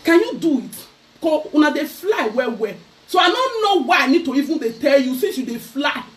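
Nigerian lady going off on her haters, mocky and loud, voice all over the place, kinda far from the mic. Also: high-pitched, very animated, normal speed. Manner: loud, mocking, switching into Pidgin. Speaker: vlogger. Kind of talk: ranting to camera.

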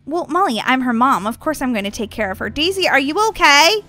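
A woman's voice: sits high, big pitch swings, a little fast, sharp tone, soft background music. A woman playing the mom in a family role-play game, patient and mildly scolding. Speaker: role-player voicing the mom.

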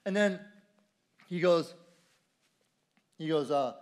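Speaking at a moderate pace in a high voice, this pastor delivers a conversational sermon during a church service. He repeats his key phrases and asks the congregation questions.

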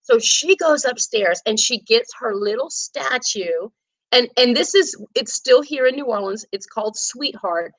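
A woman tour guide telling history stories in a chatty, animated way on a live stream, acting out quotes as she goes. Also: fairly high pitch, unhurried, dry recording, low-quality recording. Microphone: phone or camera on a live stream.

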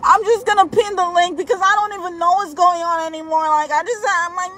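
A woman's voice: very high voice, steady tone, a little fast, sharp tone, slight background noise. A Nigerian woman on a live stream, emotionally pleading with fans to vote, repeating herself and laughing often. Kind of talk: excited live-stream chat.

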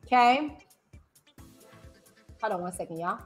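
A woman YouTuber hosting a livestream commentary, talking in an animated, emphatic way and repeating phrases. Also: medium pitch, a little slow, faint music behind. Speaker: YouTuber host.

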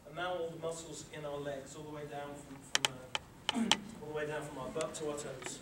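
A sports psychology presenter, a man with a slightly higher voice, runs a live workshop in a lecture room, guiding the audience through tensing and relaxing and repeating every instruction. He speaks at a normal speed in a level tone. Because he stands some distance from the mic, he sounds roomy and echoey, with loud noise beneath him.

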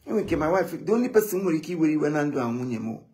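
Casting note: man, slightly high voice, animated storyteller in casual live-chat talk. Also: racing. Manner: animated, switching between English and Igbo, quoting others.

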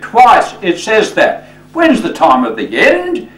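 A male pastor preaching a sermon, slow and emphatic, often addressing listeners as friends. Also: high voice, huge pitch swings, fairly bright tone, echoey room, far from the mic, poor audio.

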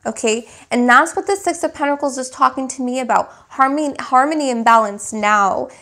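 A woman giving a spiritual tarot reading, speaking in slow, emphatic affirmations and at times searching for words. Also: high voice, bright, forceful tone. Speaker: tarot reader.

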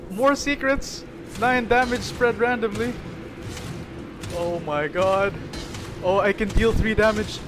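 Over noisy background and game music, a young man with a high voice shouts his way through excited live gameplay commentary for a gaming video. He swings wildly between shouting and laughing.

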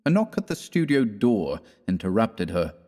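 Man reading an old horror story aloud, lowish voice, measured and theatrical. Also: big pitch swings, warm tone. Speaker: narrator. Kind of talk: scripted audiobook narration.

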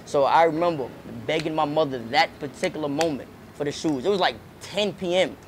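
A young man talks fast and loose, swearing and doubling up his words as he tells his story. His voice sits a touch high for a man. Faint background noise runs under the recording. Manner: animated, profane, slangy, repeats words. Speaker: rapper and comedian, interviewee. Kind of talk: casual storytelling interview.

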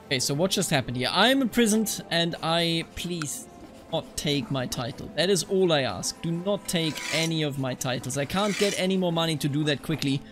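A man from Bavaria narrates his gameplay in a fairly high voice. He talks through each decision and swings into outraged, emphatic reactions at every setback. Soft game music plays faintly underneath. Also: moderate pace. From Bavaria, Germany. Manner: animated, reacts loudly to setbacks. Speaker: let's play commentator. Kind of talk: live gameplay commentary.

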